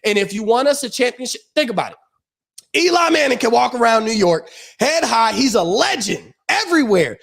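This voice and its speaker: A man's voice: very high-pitched, sing-song, a little fast, gravelly, fairly bright tone, husky. A man co-hosting a sports podcast, talking emphatically in casual chat and hammering his points home by repeating them. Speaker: podcast co-host.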